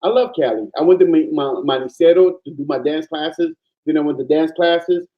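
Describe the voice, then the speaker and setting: A man from Panama, a guest in casual chat, telling stories in an animated, emphatic way over muffled lo-fi audio. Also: on the high side, a little fast.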